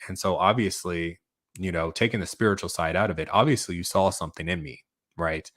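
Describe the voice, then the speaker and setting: A man with a very low, deep voice talks casually on his channel, rambling and restarting his sentences with lots of fillers. The sound is dry and close, with no room around it. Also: a little fast, a bit bright, no room sound. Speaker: YouTube channel host. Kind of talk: casual livestream chat reading comments.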